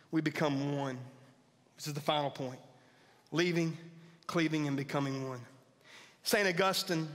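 High-voiced pastor preaching in a hall. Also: male voice, a bit bright. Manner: earnest, rising to emphatic peaks. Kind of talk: sermon. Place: church sanctuary. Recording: church hall reverb with faint music.

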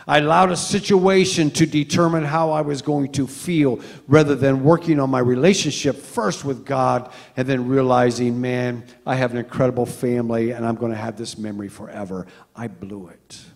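A middle-aged man preaching a sermon as a pastor, telling stories with animated swings from loud to hushed. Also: mid-range voice, moderate pace, gravelly, few pauses, long reverb tail. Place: church sanctuary.

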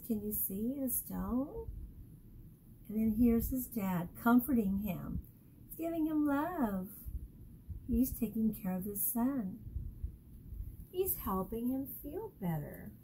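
A woman teacher reading a picture book aloud to young children, stopping often to ask them questions in an animated, coaxing way. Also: fairly high pitch, a little hiss or hum, poor audio.

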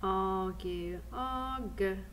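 British woman, primary teacher, phonics lesson for small children, slow and patient, mid-pitched voice, faint hiss behind. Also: a bit bright. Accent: British English. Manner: slow, patient, sounding out words letter by letter.

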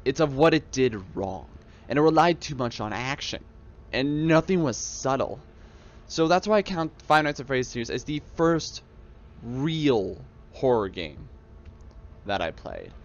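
A man's voice: medium pitch, animated, a little slow, muffled recording. A young man talking casually about games he loves, rambling and enthusiastic, often restarting his sentences. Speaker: YouTube gamer. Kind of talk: casual reflective monologue. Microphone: headset.

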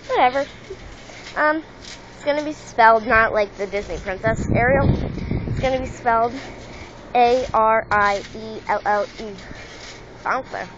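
A woman's voice: high-pitched, highs cut off, background noise. A young woman vlogging casually, hyper and giggly, rambling and jumping between thoughts while moving around with a handheld phone.

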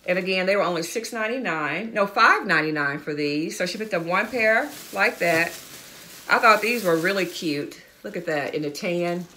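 Her voice is on the low side, bright and forceful, at a moderate pace: a middle-aged fashion vlogger excitedly chatting about her shopping haul. She keeps it casual, addressing viewers as guys and y'all.

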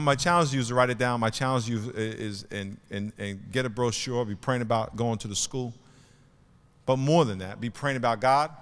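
A man's voice: mid-range voice, clear, resonant tone, in a large hall. A man preaching a sermon to his church, telling stories and driving his points home emphatically. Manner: emphatic, storytelling, swings between quiet and loud. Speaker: pastor. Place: church sanctuary before a congregation.

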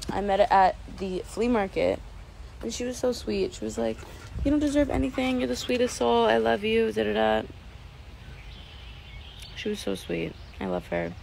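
A woman's voice: mid-range voice, creaky, slight background noise, low-quality recording. A woman singer chatting casually with fans on a phone live stream from home, rambling with lots of "like" fillers and giggles.

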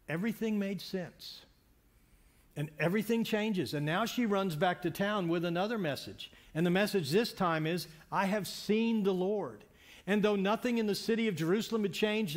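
A man with a high voice preaches from a church stage. He retells a story in a loose, conversational way, often restarting and repeating words as he goes. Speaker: pastor. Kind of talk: sermon.

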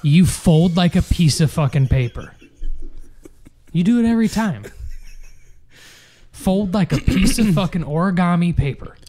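High-voiced young man ranting. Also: expressive, measured pace, long pauses, mellow. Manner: exasperated, ranting, swears a lot. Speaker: podcast co-host. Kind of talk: casual chat.

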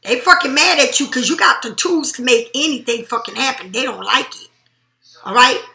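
A woman's voice: high voice, normal speed, gravelly, sharp tone, echoey room. Blunt, swearing woman giving a tarot reading. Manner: blunt, profane, emphatic. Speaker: tarot reader.

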